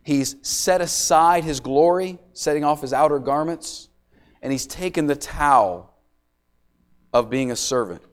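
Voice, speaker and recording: A man preaching a sermon, swinging between loud, intense passages and quiet, hushed lines. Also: on the high side, measured pace. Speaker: pastor.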